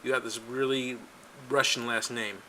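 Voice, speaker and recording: Bright-voiced sarcastic political show host. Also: male voice, mid-range voice, moderate pace, a little hiss or hum. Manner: animated, repeats himself, sarcastic. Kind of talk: casual political commentary. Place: home studio in California.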